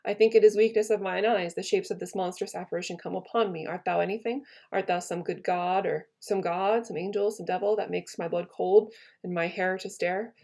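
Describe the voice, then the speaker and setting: A woman's voice: fairly low pitch, fairly even intonation, a little fast, a little mellow. A woman reading the part of Brutus, a grave and weary Roman general, in a plain read-aloud voice. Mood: alarmed. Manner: plain read-aloud delivery, slight stumbles.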